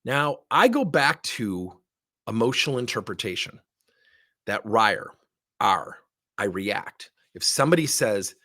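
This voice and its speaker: A middle-aged man gives a leadership talk in a slightly husky voice. His pitch swings widely as he tells his stories. He keeps throwing rhetorical questions at the listener. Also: unhurried. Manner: animated storytelling, rhetorical questions. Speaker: leadership speaker. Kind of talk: motivational talk with anecdotes.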